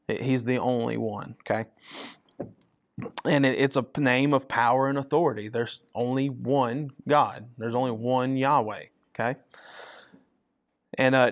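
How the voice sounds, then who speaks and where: Heard on a dull lo-fi recording, a man with a mid-range voice teaches a Bible study conversationally. After making his points he frequently asks "right?" to check in with listeners.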